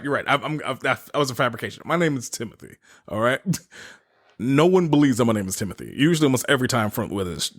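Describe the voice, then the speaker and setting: Laughing, cursing podcast host. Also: male voice, medium pitch. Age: 30s. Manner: profane, laughs often between phrases. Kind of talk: casual storytelling chat.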